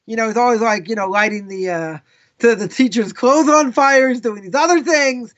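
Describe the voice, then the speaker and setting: Male rabbi, live lesson; high-pitched, casual storyteller with asides, dull lo-fi recording. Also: moderate pace. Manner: casual, animated, with frequent asides. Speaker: rabbi teaching a class.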